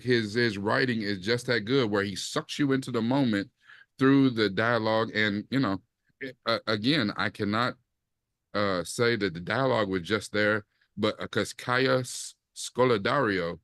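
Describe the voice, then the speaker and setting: Animated man chatting on a podcast. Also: lowish voice, measured pace, no echo. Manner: animated, acts out quoted lines in bursts. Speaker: podcast co-host. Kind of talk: casual chat, TV review.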